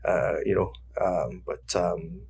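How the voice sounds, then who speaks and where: A man's voice: low voice, slow, vocal fry. A man spins a story in a casual sit-down interview, throwing himself into it and acting out what people said in bursts of voice. He swears freely, and a faint hum runs underneath. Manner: animated storyteller, acts out quotes, swears freely. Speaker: guest, retired fighter.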